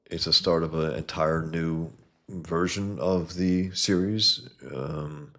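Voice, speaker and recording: A man's voice: low voice, little pitch movement, takes it slowly, bright, forceful tone. A man hosting a casual livestream, talking enthusiastically about comic art and reading chat messages aloud, with blunt profane asides.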